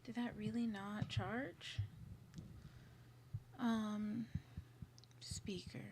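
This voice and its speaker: A woman's voice: on the low side, lively intonation, moderate pace. A woman hosting a casual livestream, chatting and thinking aloud while fixing her setup, sometimes whispering asides to herself. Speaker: livestream host. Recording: audible clicking noise.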